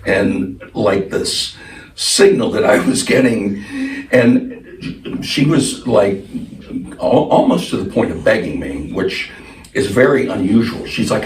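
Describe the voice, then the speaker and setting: A man with a low voice tells a story to a group, rambling, laughing, filling gaps with ums and uhs. He sounds a little distant, in a roomy space. Noise hums clearly behind him. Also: slow. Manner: rambling and animated, with laughs and many fillers. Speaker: speaker sharing a personal story. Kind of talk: casual talk to a group.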